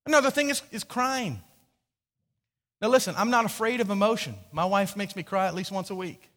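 A man's voice: high-pitched, fairly quick, fairly bright tone. A man preaching a sermon as pastor, storytelling with animation, acting out quotes and often restarting his sentences. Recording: long hall reverb.

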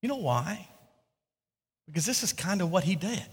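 A man preaching a sermon as a pastor, telling a story with animated delivery and acting out the characters. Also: sits high, moderate pace, breathy edge, big-room sound.

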